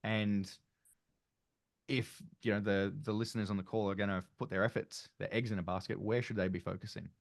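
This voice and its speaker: Low-voiced Australian man hosting a panel. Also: level tone, fairly quick, vocal fry, no room sound, studio quality. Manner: chatty, rambling with many fillers. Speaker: panel host. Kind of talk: casual panel discussion.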